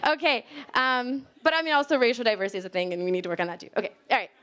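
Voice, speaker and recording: A woman's voice: on the high side, animated, rapid-fire, a bit bright, clear, resonant tone. A young American woman giving a casual public talk on linguistics to a live audience, chatty and laughing often. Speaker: linguistics speaker. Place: library event space with live audience.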